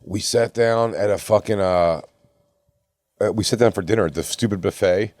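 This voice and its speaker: Profane storytelling man, low voice. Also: normal speed, dry recording. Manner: rambling, profane, animated quoting of others. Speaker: podcast co-host. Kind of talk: casual storytelling among friends.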